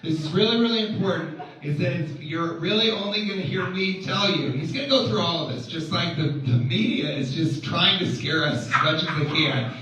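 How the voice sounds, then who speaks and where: A man's voice: high voice, expressive, fairly quick, few pauses, pushed and bright. A male stand-up comedian doing rambling, sarcastic, mock-serious crowd work. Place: comedy club stage. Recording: echoey club from far off with crowd.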